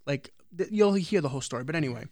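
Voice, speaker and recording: A man's voice: fairly high pitch, animated, very fast, a little mellow, no echo, studio quality. A young adult man co-hosting a podcast, rambling and self-deprecating in casual chat, swearing freely. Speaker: podcast co-host.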